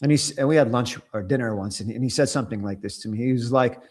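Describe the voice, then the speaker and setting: A male podcast host chats casually, rambling and excitable, with many restarts and fillers. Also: mid-range voice, fast talker, few pauses. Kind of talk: casual interview chat. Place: Germany.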